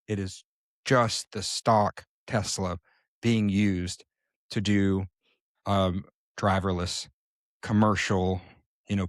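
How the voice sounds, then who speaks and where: Man, podcast co-host, casual chat, low voice, dry sound, thinks aloud. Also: no echo. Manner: explains at length, thinking aloud with frequent "um".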